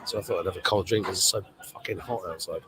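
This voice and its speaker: A man with a somewhat low voice talks in a loose, rambling livestream chat. He swears freely and reads out viewer comments as he goes, recorded at an airport. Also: fairly even intonation, quick pace, a crowd in the background, rough recording. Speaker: show host.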